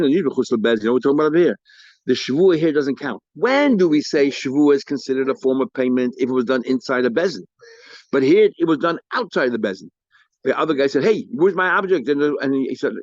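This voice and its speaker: A man giving a Talmud lesson in a mid-pitched voice, switching between English and Hebrew and Aramaic terms. He acts out each claim in lively little bursts. The sound is dry and somewhat dull, like a lo-fi recording. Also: no room sound. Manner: animated, acts out the litigants' lines in quick bursts. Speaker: Talmud teacher. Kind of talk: daf yomi Talmud lecture.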